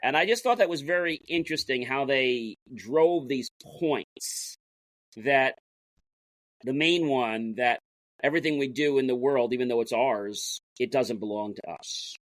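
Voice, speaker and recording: A man's voice: mid-range voice, a little slow, no room sound. A man, the guest in an interview, who talks energetically, retells stories by acting out the dialogue, and often restarts his sentences. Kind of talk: casual interview storytelling.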